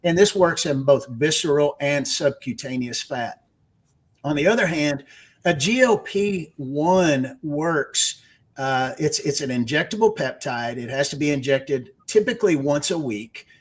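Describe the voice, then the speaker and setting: A man's voice: a little high, animated, a little slow. A man with a Texas accent, a radio guest explaining technical science step by step. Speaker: guest, research executive. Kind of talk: explanatory interview answer.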